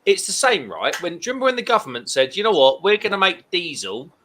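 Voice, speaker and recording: A man's voice: sits high, wildly swooping pitch, quick pace, a bit bright, slight background noise. A man in his thirties co-hosting a casual late-night live stream chat, reading viewer comments and ranting animatedly.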